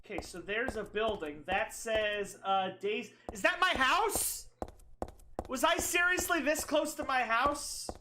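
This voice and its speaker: A woman's voice: a little high, measured pace, pushed and bright, slight background noise. A woman streamer giving casual, jokey and sarcastic commentary while playing a game. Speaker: gaming streamer. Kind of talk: casual let's play commentary.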